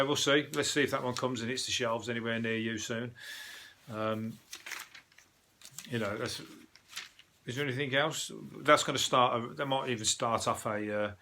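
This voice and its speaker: A man's voice: medium pitch, sharp tone. A man with a Birmingham accent, hosting a casual solo news podcast in a rambling, sweary, chatty way with lots of fillers. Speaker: podcast host.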